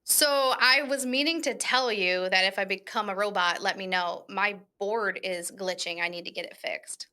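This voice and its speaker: Bright-voiced woman hosting a podcast. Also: mid-range voice, moderate pace, few pauses. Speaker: podcast host. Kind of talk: casual interview chat.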